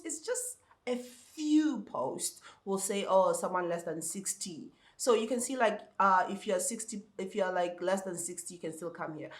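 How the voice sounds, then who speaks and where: A man with an African accent and a high, soprano-like voice talks straight to his viewers. He gives casual advice as an ESL teacher, restarting and repeating words as he goes. The room around him is echoey. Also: fairly bright tone.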